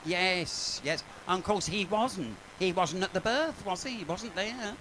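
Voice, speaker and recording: A man's voice: sits high, unhurried, noisy background. Camp, gossipy male comedian. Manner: camp, gossipy, bawdy, swears freely. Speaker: cabaret comedian and singer. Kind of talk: live bawdy comic patter. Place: pub stage, live. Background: piano accompaniment.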